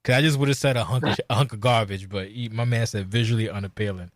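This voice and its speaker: A man's voice: lowish voice, fast, no echo, clean studio sound. A man hosting a podcast interview, jokey and loose, laughing along with his guest. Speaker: podcast host. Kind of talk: casual chat interview.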